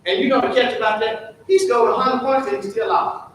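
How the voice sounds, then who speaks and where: A man's voice: high voice, a little fast, a bit bright, slight background noise. A man teaching a Sunday school lesson in a church, in a preacherly call-and-response way that throws questions to the class. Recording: very echoey church room from far off.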